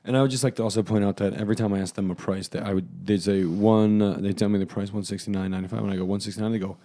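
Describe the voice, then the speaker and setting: A man co-hosting a podcast in casual chat, joking, quick and chatty. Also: on the low side, fairly even intonation, warm tone. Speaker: podcast co-host.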